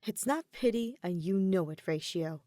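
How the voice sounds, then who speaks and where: A woman's voice: medium pitch, lively intonation, normal speed, mellow, dry recording, natural voice. A flippant young gambler with a light, teasing manner, as a woman reader puts him on. He talks with theatrical flair in a fan audio story, and the recording is dry and close. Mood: earnest.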